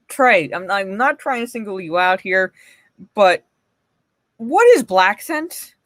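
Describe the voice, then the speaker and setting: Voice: medium pitch, slow, fairly bright tone, no echo. Brief: blunt, swearing livestream host with a mid-range voice, reading posts aloud and chatting with viewers, dry close sound. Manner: blunt, profane, often laughing, greets chatters by name. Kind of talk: casual livestream commentary.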